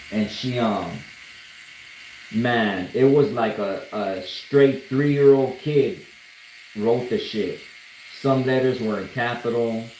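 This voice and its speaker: A man's voice: fairly low pitch, echoey room, slight background noise, low-quality recording. A man who is a tattoo artist, telling stories on a livestream in a laid-back, slangy, swearing way. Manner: laid-back, slangy, swearing, laughing at his own story. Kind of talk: casual livestream storytelling. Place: tattoo studio during a live session.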